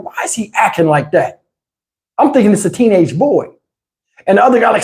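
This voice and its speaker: A man telling stories on his live stream, in a casual, animated way with crude slang and frequent laughter, through a lapel mic. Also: extremely high pitch, brisk. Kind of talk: casual anecdotal storytelling. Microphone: wireless lapel mic.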